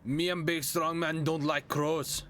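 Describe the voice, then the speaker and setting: A man's voice: fairly high pitch, flat delivery, unhurried, fairly bright tone, slight background noise, voice pushed up. A man putting on the voice of a dim-witted brutish strongman who talks in caveman-style broken speech. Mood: boastful.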